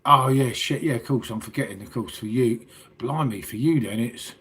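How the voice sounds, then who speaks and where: A man's voice: medium pitch, normal speed, fairly bright tone, slightly rough. A middle-aged English man hosting a casual late-night livestream, chatting with viewers in a matey, sweary way. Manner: matey and sweary, calls everyone mate. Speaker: livestream host.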